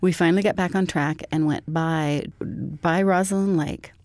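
A woman with a fairly low voice tells her story calmly and steadily, in an even, unhurried manner. The recording is dry and close, with no room sound. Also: no room sound. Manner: calm, measured storytelling. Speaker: guest. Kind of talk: personal testimony storytelling.

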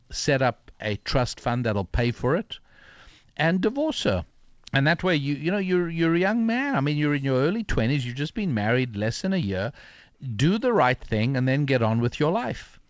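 An older man, an author being interviewed, telling a story reflectively with pauses and restarts. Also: medium pitch, no echo, muffled recording. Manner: reflective, many fillers and restarts. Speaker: author and guest.

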